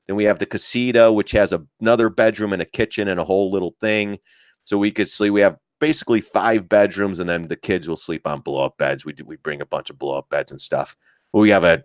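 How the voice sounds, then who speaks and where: A man's voice: deep voice, no room sound, studio quality. A middle-aged man hosting a casual trading live stream, rambling and joking, swearing casually and laughing often. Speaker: live-stream market host.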